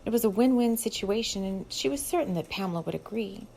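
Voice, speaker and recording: Brief: female author narrating her novel, steady, mid-pitched storybook reading. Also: fast, gravelly, a little hiss or hum, poor audio. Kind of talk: audiobook narration.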